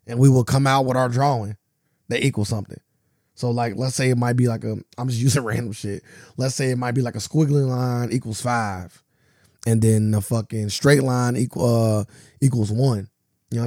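A man's voice: medium pitch, darkish tone, dry recording. A man co-hosting a podcast in casual chat, rambling and slangy as he explains things, with a dry close sound. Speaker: podcast co-host.

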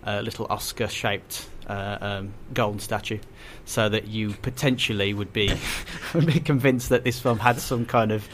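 A man with a lowish voice talks as an enthusiastic guest, often starting over and chuckling as he goes. His speech is full of fillers and restarts. Faint noise sits under the recording. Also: fairly even intonation, normal speed, hardly any pauses. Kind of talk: casual radio chat.

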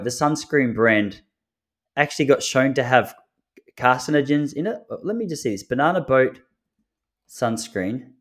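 A man, hosting a podcast as a laid-back comedic storyteller who chuckles at his own jokes. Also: medium pitch. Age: 30s. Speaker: podcast host. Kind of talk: solo comedic podcast monologue.

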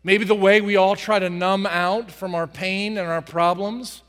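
Dramatic high-voiced man preaching. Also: fairly even intonation, a little slow, long reverb tail. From United States. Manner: dramatic, acts out prayers in voices, shifts from soft to booming. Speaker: pastor. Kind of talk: sermon.

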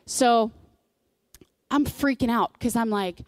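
A woman's voice: a little high, slow pace, no room sound, clean studio sound. A woman in her thirties preaching a sermon in a conversational way, telling personal stories with lots of fillers.

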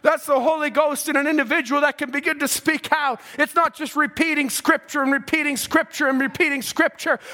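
A man preaching a fervent sermon, impassioned, breaking into cries of hallelujah and rising to shouts. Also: very high voice.

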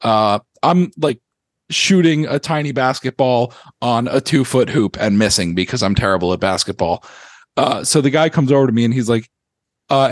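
A man's voice: medium pitch, normal speed, dry recording. A young man, a podcast co-host, telling a rambling story in casual hockey chat and laughing often.

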